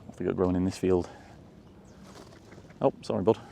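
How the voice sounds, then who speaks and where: A fairly quick, low-pitched man with vocal fry and a warm, steady tone gives casual commentary while walking countryside lanes and fields. He rambles and chuckles along the way, with slight background noise behind him.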